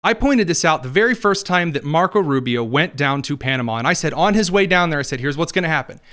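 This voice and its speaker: Man, political commentary host, animated monologue, fairly high voice. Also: quick pace. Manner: animated, does mocking voices for quotes.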